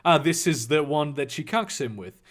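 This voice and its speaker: A man's voice: on the high side, animated, normal speed, a bit bright. A man reading fan fiction aloud and mocking it with crude, sarcastic commentary and frequent swearing. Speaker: reader and commentator.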